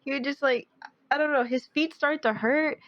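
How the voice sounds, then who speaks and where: A woman's voice: sits high, moderate pace, no echo, lo-fi sound. A young woman co-hosting a podcast, telling a story in a rambling casual way with lots of "like". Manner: rambling storytelling, heavy use of "like". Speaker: podcast co-host. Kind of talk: casual chat.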